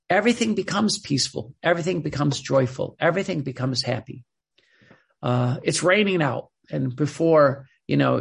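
A man preaching a sermon in an earnest, halting way, often repeating words as he searches for the next thought. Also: on the high side, gravelly, breathy edge.

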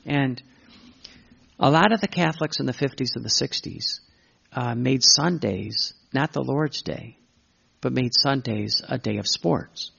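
A man's voice: measured pace, gravelly, pushed and bright, husky. A man preaching a sermon, impassioned, repeating himself and stumbling over words. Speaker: Catholic preacher. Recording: muffled low-fidelity recording.

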